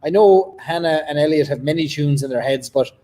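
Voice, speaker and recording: A man's voice: on the high side, a little fast, mellow. A man with a Cork Irish accent hosting a casual live online session, jovial and joking, stumbling over a few words. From Cork, Ireland. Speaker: host.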